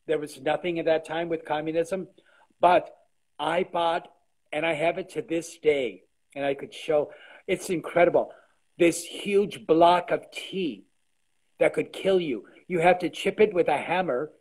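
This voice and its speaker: An older man in his sixties talks with a fairly high voice over a video call. He is a guest telling stories in an animated, casual way, often trailing off and restarting mid-sentence. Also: a little slow, poor audio. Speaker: guest artisan. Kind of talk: casual interview chat.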